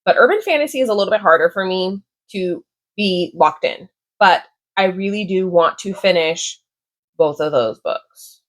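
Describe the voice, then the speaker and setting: A woman's voice: on the low side, normal speed, no room sound. A young woman vlogging casually about books, emotional and gushing, with lots of filler words. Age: young adult. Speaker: book vlogger. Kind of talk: casual chat.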